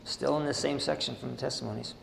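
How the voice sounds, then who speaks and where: A man's voice: mid-range voice, steady tone, quick pace, gravelly, a bit bright. A man preaching a sermon, reading passages aloud and breaking into casual, chuckling asides. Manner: reads passages then riffs casually with laughs and asides. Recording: roomy hall with long reverb.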